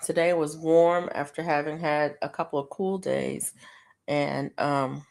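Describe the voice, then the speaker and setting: A woman's voice: low-pitched, steady tone, measured pace, creaky, a little mellow. A middle-aged woman hosting a live stream, chatting casually to viewers and crocheting as she talks, rambling with lots of ums and frequent laughs. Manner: crocheting while talking.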